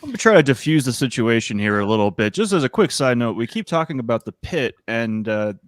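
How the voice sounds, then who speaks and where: A man's voice: medium pitch, big pitch swings, fast talker, no room sound, clean studio sound. A man playing a tabletop game who speaks diplomatically and hedges a lot. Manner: diplomatic, hedging. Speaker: player. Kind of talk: casual tabletop play.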